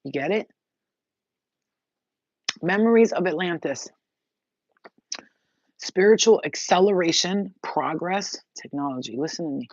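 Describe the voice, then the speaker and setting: A woman's voice: fairly low pitch, measured pace, long pauses, dry recording. A woman giving a spiritual message monologue, intense and blunt, swearing freely as she talks. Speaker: spiritual reader. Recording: dull, dry lo-fi sound.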